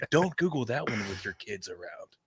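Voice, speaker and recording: A man, co-hosting a comedy podcast with wry, deadpan one-liners. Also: mid-range voice, a little fast, gravelly, breathy edge, dry recording. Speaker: podcast co-host. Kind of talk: casual podcast banter.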